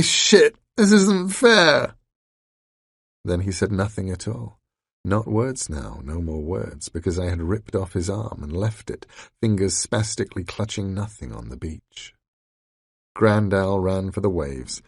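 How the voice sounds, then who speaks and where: A man reading an audiobook in sardonic first-person narration with a gravelly voice. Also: low-pitched, no echo, studio quality. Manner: dark, sardonic storytelling.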